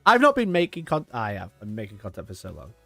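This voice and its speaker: Sweary streamer with a lively voice. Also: male voice, on the low side, fast talker, vocal fry, dry recording, faint music behind. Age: 20s. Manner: rambling, sweary, laughs often. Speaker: livestream host. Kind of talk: casual live-stream chat.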